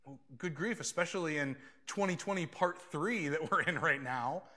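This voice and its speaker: Man, pastor, sermon, bright forceful voice, slightly high pitch, conversational. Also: normal speed. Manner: conversational, drops into quoted voices.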